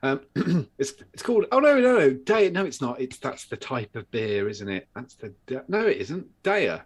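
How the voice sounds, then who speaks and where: A man's voice: mid-range voice, normal speed, breathy edge. A man from the UK co-hosts a casual live show, with a voice that swings widely up and down. He tells stories loosely, swears freely and jokes around. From United Kingdom. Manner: animated storyteller, swears, breaks into laughs and put-on voices. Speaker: co-host.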